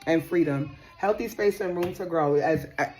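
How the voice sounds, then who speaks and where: A young adult woman, doing a casual tarot reading in a sassy, animated way and swearing casually. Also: fairly low pitch, normal speed. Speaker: tarot reader.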